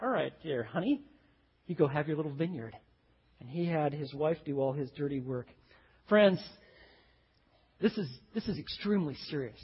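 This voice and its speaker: A man's voice: a little high, slightly rough, long reverb tail, muffled recording. A man preaching a sermon, telling stories and acting out the voices of the people in them. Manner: animated storytelling, acts out quoted voices. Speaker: pastor.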